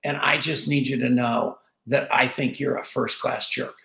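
Gravelly middle-aged man telling stories. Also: medium pitch. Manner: animated, acts out dialogue with quick voice shifts. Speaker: podcast guest. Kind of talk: storytelling in an interview. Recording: roomy echo.

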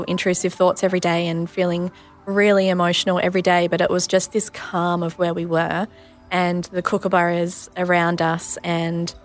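A woman in her thirties, a nurse and mother, telling a story in a casual interview, full of "like" and "you know". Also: on the low side. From Australia. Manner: chatty, lots of "like" and "you know", quick asides.

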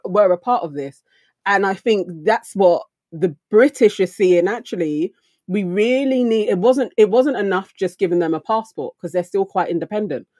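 A woman's voice: mid-range voice, a little mellow, dry recording. A woman in a casual discussion who reasons her way through long, reflective arguments. Her mid-range voice sounds dry and close, with no room sound. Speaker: podcast co-host.

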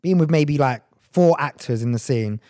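Man, interview guest, earnest, reflective, restarts sentences, somewhat high voice, dry close sound. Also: moderate pace, warm tone, dry recording. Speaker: guest actor and director. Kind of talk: casual interview chat.

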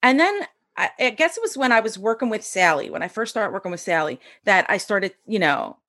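A middle-aged woman, a podcast guest, talks through her own story in an easy, lively way. Her pitch sits in the middle of the range. She slips into the voices of the people she quotes as she goes. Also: brisk. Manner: animated, acts out quoted dialogue. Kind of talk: casual storytelling interview.

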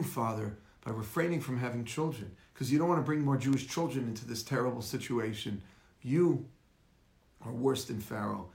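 A man's voice: medium pitch, echoey room. A man, a rabbi, giving a livestreamed lecture in a storytelling way, asking rhetorical questions. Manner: storytelling, rhetorical questions, welcomes viewers by name. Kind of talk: Facebook Live lecture.

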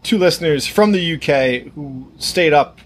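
A man co-hosting a podcast in casual chat, talking in a rambling, halting way. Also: on the high side, slight background noise. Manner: rambling, hesitant with fillers. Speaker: podcast co-host.

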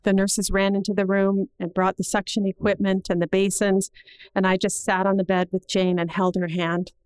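A middle-aged woman telling a personal story to an audience in an earnest, measured way, slowing down at the heavy moments. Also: mid-range voice, level tone, a little mellow, smooth, dry recording, low-quality recording.

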